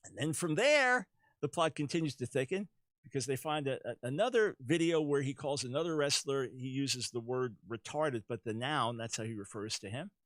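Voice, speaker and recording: A middle-aged man hosting a talk show, giving animated commentary on current events that rises to emphatic peaks. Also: medium pitch, moderate pace, dry recording. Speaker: radio talk show host.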